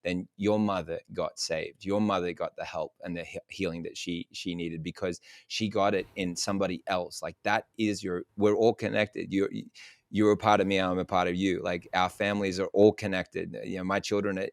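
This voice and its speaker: Deep-voiced excited man, dry sound. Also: normal speed, no echo. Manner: excited, emphatic, restarts often. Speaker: guest. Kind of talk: enthusiastic interview talk.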